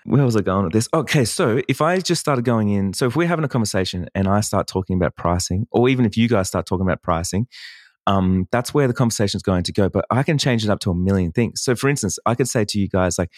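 A man with a lowish voice hosts a relaxed coaching chat, lively and playful as he acts out client conversations. He laughs easily and keeps things loose. The sound is dry and close, with no room around it. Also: fast talker, dry recording. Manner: animated, acts out client dialogue, laughs often. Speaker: wedding photographer and business coach. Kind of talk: casual workshop chat.

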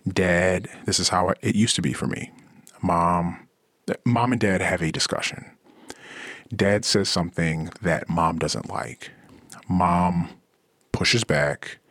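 Slow and low-pitched, a man hosting a podcast talks through a casual monologue, animatedly acting out the voices of people he quotes. The recording is dry.

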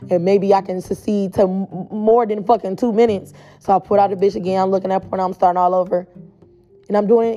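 A woman's voice: medium pitch, steady tone, fairly quick, mellow, muffled recording, faint music behind. A woman telling a blunt, profane storytime straight to her viewers in a casual, chatty way.

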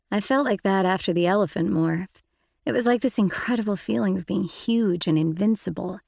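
Gravelly-voiced woman narrating an audiobook. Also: mid-range voice, darkish tone, no room sound, clean studio sound. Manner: intimate, reflective storytelling. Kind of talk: first-person audiobook narration.

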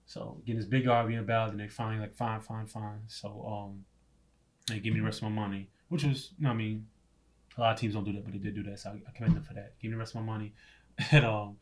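Fast-talking man telling a story. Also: on the low side. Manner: animated, laughing often, swearing. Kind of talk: casual storytelling.

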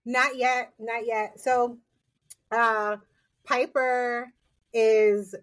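A woman's voice: on the high side, little pitch movement, very slow. A woman co-hosting a casual podcast, playfully recapping an episode and quoting the characters. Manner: playful, laughs often, quotes characters. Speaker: podcast co-host.

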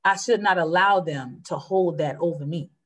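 A woman in a casual faith conversation, talking fast and earnestly as she shares her testimony. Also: on the low side, fairly bright tone. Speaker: churchgoer sharing testimony.

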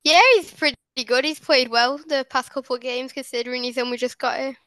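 Bright woman giving short agreeable answers. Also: high voice, steady tone, fairly quick, clear, resonant tone, no room sound. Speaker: podcast guest. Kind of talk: casual chat.

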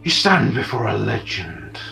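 A man's voice: lowish voice, big pitch swings, measured pace, gravelly, sharp tone, faint music behind, full character voice. A man voicing a boastful, menacing undead knight villain in a tabletop game. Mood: grandiose.

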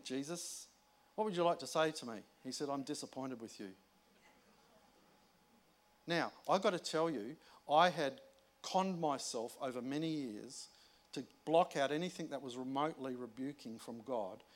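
Emphatic pastor preaching. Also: male voice, a little high. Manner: conversational preaching, shifts from emphatic to hushed. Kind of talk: sermon.

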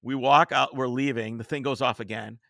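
A man in his thirties co-hosting a podcast, telling a story in a casual, animated way. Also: medium pitch, a little fast, gravelly, no echo, studio quality. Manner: animated storyteller, mimics voices in quotes. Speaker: podcast co-host.

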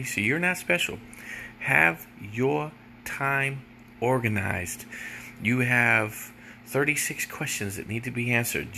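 A man's voice: lowish voice, creaky, bright, forceful tone, slight background noise. A man telling a casual story in a blunt, profane way, often checking in with "right?". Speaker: storyteller giving jail advice.

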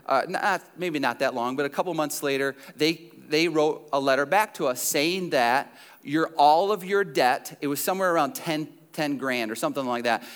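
A man's voice: medium pitch, a bit bright, clear, resonant tone. A man preaching a sermon, telling a joking personal story and putting questions straight to his congregation. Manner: jokey storyteller who questions the congregation directly. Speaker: pastor.

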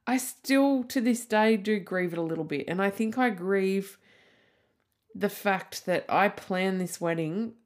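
With a mid-range voice that runs a little slow, this woman in her thirties hosts a casual solo podcast. She rambles openly, leaning on "like" and letting a swear word slip here and there.

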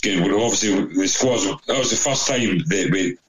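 A man's voice: fairly low pitch, moderate pace, low-quality recording. A Scottish man telling football stories in casual chat, swearing freely and acting out the people in his tales. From Scotland. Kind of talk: casual anecdote in a podcast chat.

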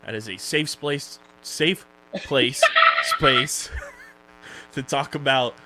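A man's voice: medium pitch, drawn-out words, sharp tone. A young man co-hosting a casual podcast about streaming shows, joking loosely as he runs through social plugs and sponsor reads. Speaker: podcast co-host.

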